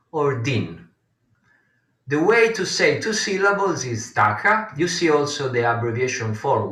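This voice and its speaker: A man's voice: mid-range voice, pushed and bright. Man counting rhythm syllables. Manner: counting beats aloud, patient explaining with frequent fillers. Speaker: konnakol workshop teacher. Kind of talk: live online rhythm lesson. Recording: roomy distant mic sound.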